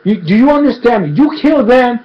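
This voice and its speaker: A woman's voice: sits low, sing-song, drawn-out words, lo-fi sound, heavily acted. A man voicing a fiery teenage heroine who stammers and makes threats. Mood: defiant. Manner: stammering, confrontational, repeats threats.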